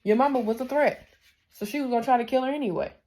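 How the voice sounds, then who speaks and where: A woman recaps a TV episode in a loose, heated rant. She fires off profane rhetorical questions at her audience. Her pitch and loudness swing widely as she gets worked up. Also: quick pace. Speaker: TV recap host.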